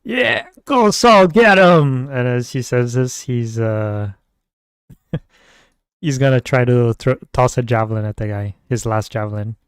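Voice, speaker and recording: A man's voice: medium pitch, steady tone, measured pace, darkish tone, clean tone, dry recording, clean studio sound. A man playing in a tabletop game who laughs easily as he describes his character's actions. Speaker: player. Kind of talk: casual tabletop play.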